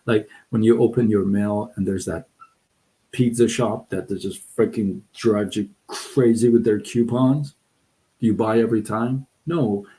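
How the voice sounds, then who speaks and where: A middle-aged man hosting a casual live stream, talking in an animated, excitable way with frequent restarts. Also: on the low side, unhurried, poor audio. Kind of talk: casual livestream talk. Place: Southern California.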